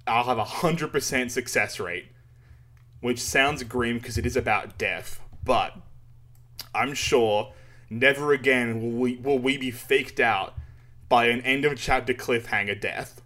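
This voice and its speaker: A man with an Australian accent co-hosting a podcast in a casual, excitable way, swearing freely and laughing often. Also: mid-range voice, measured pace. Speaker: podcast co-host.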